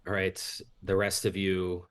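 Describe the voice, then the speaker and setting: A man's voice: sits low, monotone, measured pace, a bit bright, smooth. A man narrating a tabletop game as game master, in a casual style full of fillers.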